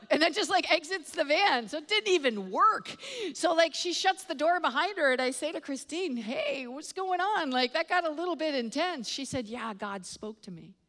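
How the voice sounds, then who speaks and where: High-pitched woman preacher, acts out every voice in her story, big echoey hall. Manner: animated storyteller acting out dialogue. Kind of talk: sermon storytelling. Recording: long hall reverb.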